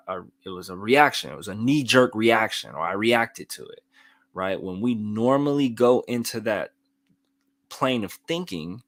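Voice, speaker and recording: A man with a lowish voice talks earnestly through a live motivational stream, checking in with "right?" as he goes. He sometimes acts out inner voices in little quoted asides. The sound is dry and close. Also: dry recording. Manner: earnest, explanatory, repeats "right?" often. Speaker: motivational show host.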